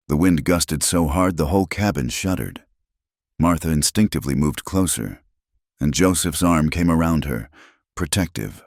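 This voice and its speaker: A man narrating a scripted story in a slow, measured, hushed way. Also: rumbling low, expressive, no room sound, studio quality.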